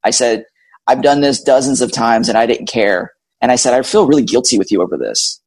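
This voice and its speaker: A man in his forties, a guest telling a candid, animated personal story about meeting his wife. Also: mid-range voice, brisk, husky, no echo.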